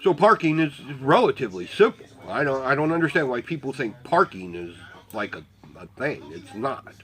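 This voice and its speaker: A man's voice: medium pitch, big pitch swings, moderate pace, fairly bright tone. A man casually telling a rambling story about volunteering, swearing constantly and acting out his own and others' lines as dialogue. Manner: quotes himself and others in dialogue.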